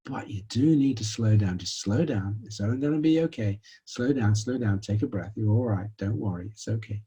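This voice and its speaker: A man voicing his own compassionate self, softly reassuring and calming himself. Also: lowish voice, slightly rough. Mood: soothing. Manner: soft, reassuring, slow. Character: gentle soothing compassionate self, male.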